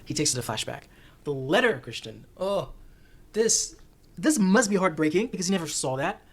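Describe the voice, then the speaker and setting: A man talking casually as a recurring guest on an anime discussion show, animated and joking, laughing often. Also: high voice, normal speed.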